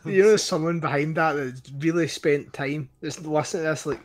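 A man's voice: on the high side, brisk, slight background noise. A man as a guest on a casual podcast, chiming in laid-back and chuckling. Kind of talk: casual chat.

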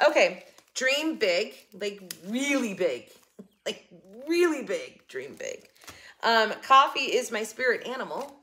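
A woman's voice: on the high side, big pitch swings, takes it slowly, bright, forceful tone, slight background noise. An older woman chatting casually to camera about her shopping haul, giggling and joking with someone off camera. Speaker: haul vlogger.

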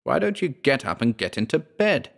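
A man voicing a hearty, jovial young male friend in a horror audiobook, bluff and brisk in manner. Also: medium pitch, big pitch swings, gravelly, a bit bright, pitched above the performer's own voice. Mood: teasing.

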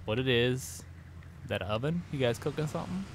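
A man giving goofy, excitable let's play commentary, trash-talking the game as he plays. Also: medium pitch, normal speed. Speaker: gaming host. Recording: noisy game-audio mix. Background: game sound effects and vehicles.

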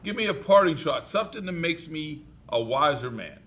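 Jokey guy teacher, kinda high bright voice, keeps repeating what kids say back. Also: expressive, moderate pace. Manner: jokey, repeats students' answers loudly. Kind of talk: classroom interviews with students. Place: classroom.

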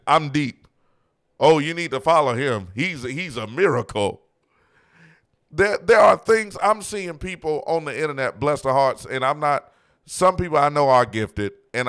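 A man's voice: fairly high pitch, animated, brisk, fairly bright tone. A man preaching a sermon, impassioned and mocking, frequently acting out quotes. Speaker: pastor.

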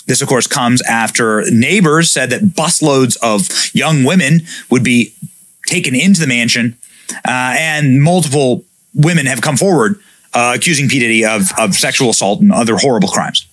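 A man hosting a commentary show, reading out news and reacting in an animated way. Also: medium pitch, normal speed, dry recording. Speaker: host.

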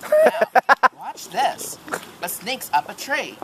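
A man's voice: high-pitched, sing-song, slow pace, very noisy. Giggly man doing a mock nature narration. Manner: giggly, playful, swearing for laughs. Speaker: skit narrator. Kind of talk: joking mock-documentary narration. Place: outdoors on vacation.

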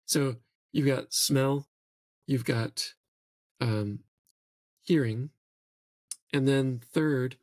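A man co-hosting a podcast, thoughtfully reading passages aloud from a book and pausing to comment on them. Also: mid-range voice, a little mellow, dry recording. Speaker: podcast co-host.

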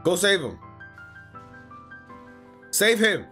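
A young man hosting an anime reaction video, swearing and yelling at the screen as he watches. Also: fairly high pitch, normal speed, breathy edge, soft background music. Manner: excitable, yells and swears at the screen. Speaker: anime reaction channel host. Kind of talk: reacting live to an anime episode.

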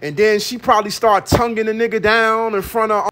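A man's voice: sits high, level tone, brisk, fairly bright tone. A young man, ranting profanely into his phone in a rambling, repetitive vlog. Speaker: vlogger. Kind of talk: casual ranting monologue.

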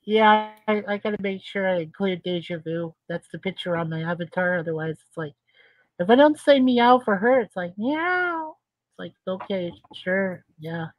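A woman's voice: fairly low pitch, normal speed, no room sound, dull audio. A woman making friendly, giggly small talk as a guest on a live stream. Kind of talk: casual live-stream chat.

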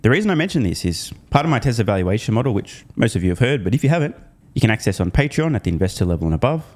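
Animated, sarcastic male commentator. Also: lowish voice, rapid-fire. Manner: sarcastic, emphatic, swears. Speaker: host. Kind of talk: investing commentary video.

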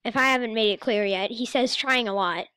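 A woman's voice: on the high side, fairly quick, sharp tone, smooth, no room sound. A woman doing a teasing, sarcastic reaction commentary on a video as a YouTuber, often laughing.

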